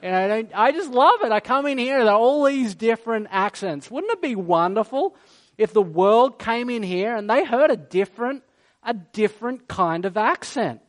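A man preaching a sermon in church, lively and playful while telling stories, then hushed and solemn when he prays. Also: very high voice, moderate pace. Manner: animated, playful storytelling that turns quiet and solemn in prayer. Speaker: pastor. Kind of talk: sermon and prayer.

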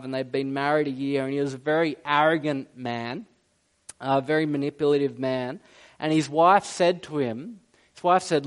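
A man preaching a sermon in a conversational way, asking his listeners rhetorical questions and acting out quoted speech. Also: a little high. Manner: acts out quoted speech in varied voices. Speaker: pastor.

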